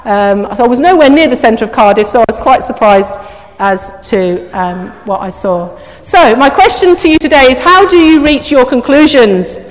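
A woman whose voice sits on the high side preaches an informal, chatty sermon at a moderate, expressive pace, asking the congregation questions and laughing now and then. The recording has the echo of a large hall.

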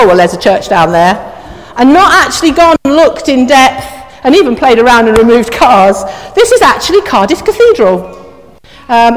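Chatty woman preaching in an echoey hall. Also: sits high. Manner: chatty, asks the congregation questions, laughs often. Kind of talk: informal sermon with readings.

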